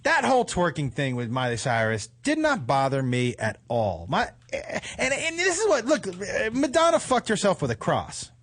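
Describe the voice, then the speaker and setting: A man hosting a talk show, telling comic stories in a profane, animated way and laughing through them. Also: a little high, normal speed, few pauses. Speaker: host. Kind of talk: comedic storytelling on a talk show.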